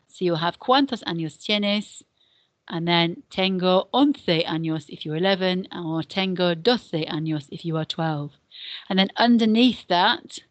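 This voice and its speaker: Slow, patient English woman teaching Spanish. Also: fairly low pitch, no room sound. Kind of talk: recorded classroom lesson.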